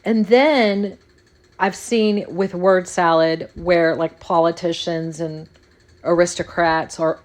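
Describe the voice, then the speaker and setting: A woman's voice: on the low side, slow pace. A woman hosting a podcast, talking casually in a rambling monologue and repeating phrases for emphasis. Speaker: podcast host.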